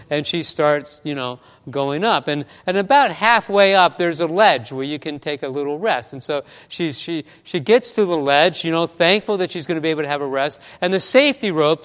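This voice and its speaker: High-voiced male pastor in a church. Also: a bit bright, clear, resonant tone, long reverb tail. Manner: storytelling with many restarts and stammers. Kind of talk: sermon.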